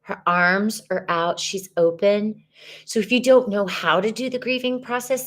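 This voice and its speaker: A woman with a soft, earnest manner, giving a live spiritual tarot reading. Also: mid-range voice, a little slow. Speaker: tarot reader.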